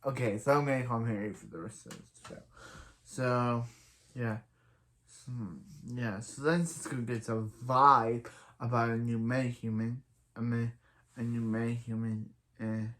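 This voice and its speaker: A man's voice: mid-range voice, fairly bright tone. A man reviewing a TV episode in a casual recap, rambling through scenes and retelling them with lots of filler. He quotes the characters in his own everyday voice. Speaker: TV show reviewer.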